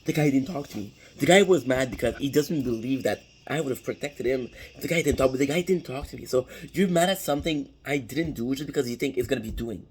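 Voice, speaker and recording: A man's voice: mid-range voice, fast talker, hardly any pauses, husky, rough recording. Rambling, profane young man telling a story. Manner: rambling, profane, frequent restarts. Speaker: vlogger. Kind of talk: casual storytelling while eating.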